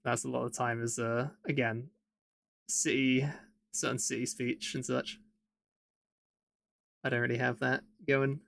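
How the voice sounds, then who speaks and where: Gravelly midlands english guy rambling while he draws, laughs a lot, mid pitched. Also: little pitch movement, unhurried, long pauses, fairly bright tone, no echo, studio quality. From England. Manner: rambling, chuckles often. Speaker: streamer. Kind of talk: casual chat while drawing.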